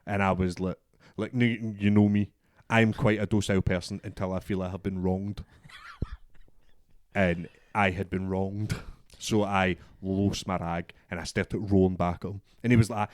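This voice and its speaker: A man's voice: deep voice, little pitch movement, normal speed, no room sound, studio quality. Sweary Scottish man telling a story. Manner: swears a lot, acts out both sides of a story. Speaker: podcast co-host. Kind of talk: casual storytelling chat.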